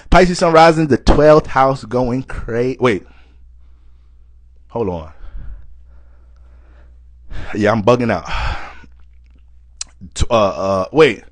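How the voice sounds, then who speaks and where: A young man talks through an astrology reading in a loose, animated way, cracking jokes and swearing freely. He sounds run down from too little sleep, and his voice sits in an ordinary middle range. The sound is dry and close, with no room in it. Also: medium pitch, very slow, long pauses, no echo. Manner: animated, joking, swears a lot. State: tired, short on sleep. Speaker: astrology reader. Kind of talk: casual astrology talk.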